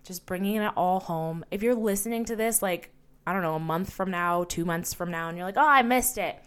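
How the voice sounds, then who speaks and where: Woman coach talking softly on her podcast, encouraging, lowish voice, lots of questions to the listener. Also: steady tone, fairly quick, clear, resonant tone. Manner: gentle, encouraging, asks the listener many questions. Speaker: life coach and podcast host. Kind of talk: solo podcast coaching talk.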